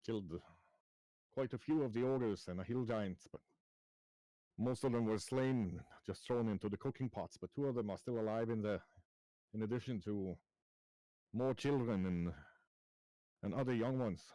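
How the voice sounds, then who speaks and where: Gruff cursing traveler, low voice, dry sound; a game master putting him on. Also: male voice, moderate pace, pauses often, mellow, dry recording, natural voice, low-quality recording. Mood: urgent. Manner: sprinkles German-style curses into his speech. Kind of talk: tabletop role-play voice.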